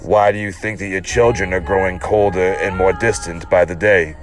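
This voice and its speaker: A man's voice: fairly even intonation, normal speed, music in the background, lightly acted. A man doing a bitter, swearing jilted ranter. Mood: ranting. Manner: ranting, profane, swinging from low growl to shrill.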